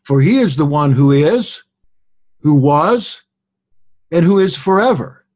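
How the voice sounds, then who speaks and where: A man giving a deliberate Bible study lecture as a teacher, explaining and stressing key words. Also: a little high, lively intonation, darkish tone.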